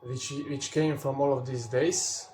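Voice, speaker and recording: Man speaking slowly in an echoey room. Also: medium pitch, fairly even intonation, dark tone, slight background noise. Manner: slow, searching, with pauses and restarts. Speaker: spiritual teacher. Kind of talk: calm spiritual talk to viewers.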